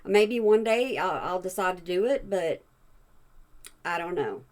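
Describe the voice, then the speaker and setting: A woman's voice: on the low side, animated, measured pace, a little mellow. A woman hosting a reaction channel, talking back to a clip in a blunt, exasperated way. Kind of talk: reaction commentary.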